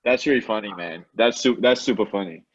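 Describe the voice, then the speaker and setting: A man guest comedian in a casual interview chat, relaxed and hesitant, laughing often. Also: fairly low pitch, fairly quick. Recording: dull lo-fi sound.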